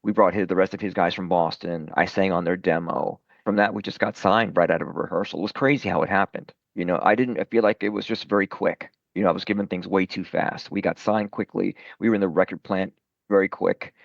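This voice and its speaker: A man's voice: deep voice, steady tone, brisk, creaky, no room sound. A middle-aged man from Brooklyn, a rock singer, chatting loosely in an interview with lots of fillers and self-deprecating asides. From Brooklyn, New York. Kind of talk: casual interview chat. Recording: dull lo-fi dry sound.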